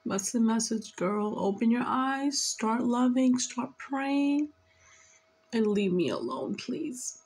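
A woman's voice: on the high side, animated, slow pace, darkish tone, breathy edge, low-quality recording. A tearful woman giving an emotional spiritual reading, talking in an earnest, scolding and pleading way. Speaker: spiritual reader.

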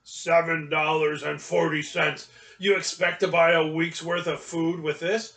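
A man voicing a mean, grumpy old male shopkeeper in a storybook reading, with a gravelly, harsh, grumbling voice. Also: on the high side, little pitch movement, unhurried, bright, forceful tone, reverberant, recorded from a distance, exaggerated voice.

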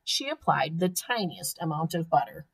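A woman teacher reading a storybook aloud to young children, with expressive, clear storytelling. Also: low-pitched, normal speed.

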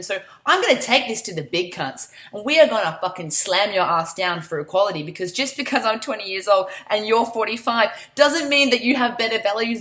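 A woman's voice: mid-range voice, a bit bright, reverberant, lightly acted. A woman voicing a defiant young female worker, ranting bluntly and swearing. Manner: blunt, swearing, self-assured rant.

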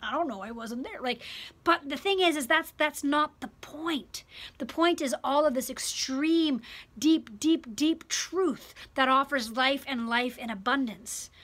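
A woman teaching a religion class in a classroom, talking in an animated, emphatic way and repeating words for effect. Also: sits high, unhurried. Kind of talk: classroom lecture.

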